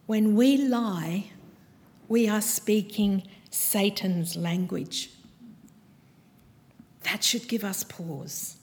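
A woman preaching a sermon to her church, with a measured, earnest delivery and pointed pauses. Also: medium pitch, a little mellow. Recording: long hall reverb from a church.

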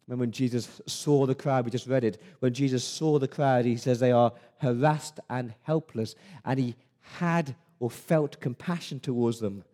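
A man's voice: medium pitch, moderate pace, few pauses, mellow. A man preaching a sermon as pastor, earnest and emphatic, often restarting his words.

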